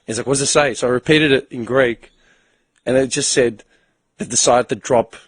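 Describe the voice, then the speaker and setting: Husky Australian man telling stories. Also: medium pitch, normal speed, dry recording. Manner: profane, animated storyteller who acts out both sides of conversations. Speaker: podcast host. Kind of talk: casual storytelling chat.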